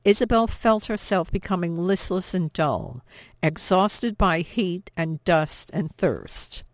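A woman narrating a novel in a measured, steady, expressive way, recorded close to the mic. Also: fairly low pitch, no room sound. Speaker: audiobook narrator. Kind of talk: scripted narration.

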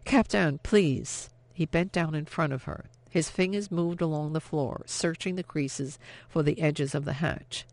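A man narrates an audiobook in a steady, measured way. His voice sits a little high and has a gravelly fry. The recording is close and dry, with no room around it. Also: no echo. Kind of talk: scripted narration.

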